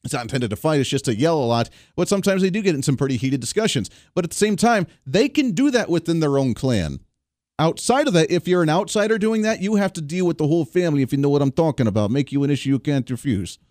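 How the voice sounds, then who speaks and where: A man hosting a talk radio show, giving an emphatic, animated political commentary monologue on a studio microphone. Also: fairly high pitch, fast, no room sound.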